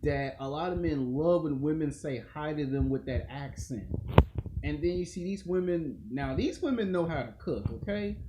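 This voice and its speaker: A man's voice: on the high side, background noise. A man hosting his own online show, talking in a crude, slangy, rambling monologue that circles back on itself. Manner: crude, slangy, repetitive rant. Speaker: YouTube show host.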